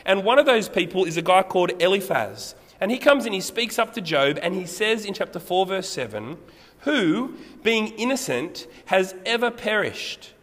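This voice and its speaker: A man delivers a sermon with a high, lively voice that swings up and down in pitch. He explains the text with plenty of rhetorical questions. His voice rings with the long reverb of a large hall. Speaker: preacher.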